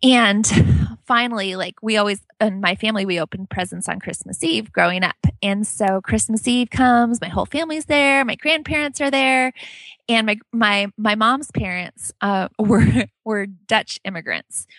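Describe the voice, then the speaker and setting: A woman in her forties, a book author chatting as a guest and telling a family story in an animated way. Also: mid-range voice, moderate pace, dry recording. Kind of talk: casual storytelling.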